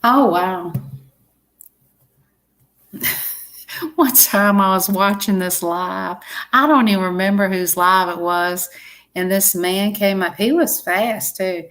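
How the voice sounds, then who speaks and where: A woman's voice: mid-range voice, slow pace, pauses often, a bit bright. A woman chatting casually to her live-stream viewers, rambling and laughing often.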